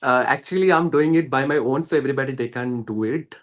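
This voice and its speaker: A young guest from West Bengal speaks fast in a mid-range voice with an Indian English accent. In a casual conversation he earnestly explains his learning journey, hesitating often and using many fillers.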